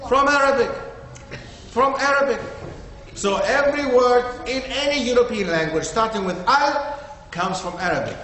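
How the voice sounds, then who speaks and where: High-voiced man lecturing in an echoey hall. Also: lively intonation, moderate pace, bright, forceful tone. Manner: quizzes the audience, checks with "okay?". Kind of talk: interactive classroom talk. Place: community centre hall. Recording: echoey hall with faint noise.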